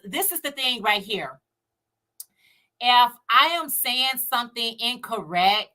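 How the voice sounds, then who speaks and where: Chicago woman, relaxed unhurried livestream chat, bright voice, talks to viewers directly. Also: fairly high pitch. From United States. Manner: chatty, laughs often, talks to viewers directly. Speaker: co-host filling in on a livestream. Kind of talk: casual livestream chat, reading viewer comments.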